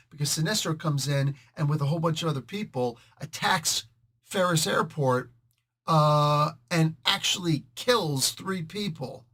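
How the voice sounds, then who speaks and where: A man hosting a casual comic book review video, joking and animated and talking straight to his viewers. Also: fairly high pitch, a little slow.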